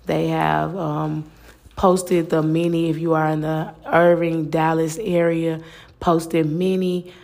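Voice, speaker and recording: Female podcast host, low pitch with vocal fry, earnest casual delivery, lots of "like". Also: flat delivery, slow pace, darkish tone. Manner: earnest, repeats phrases, many "like" fillers. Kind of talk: casual faith-based talk.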